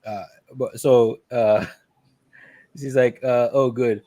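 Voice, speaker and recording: A man's voice: medium pitch, extremely slow, dry recording. A man in an average register talks his co-host through a film's plot in a loose, conversational way. He slips into quoted lines from the characters and breaks into laughter along the way. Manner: animated retelling, laughs often, quoting characters. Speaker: podcast co-host. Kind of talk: casual movie recap.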